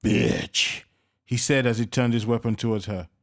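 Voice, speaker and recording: A man narrating a scripted story in a steady, measured reading. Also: medium pitch, no echo, clean studio sound.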